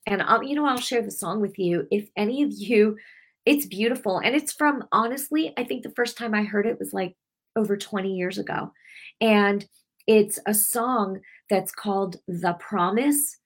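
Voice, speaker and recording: A middle-aged woman who hosts a weekly broadcast preaches with deep feeling, drawing on personal testimony. Speaking at a normal speed in a medium pitch, she meanders emotionally and keeps breaking off to restart her sentences.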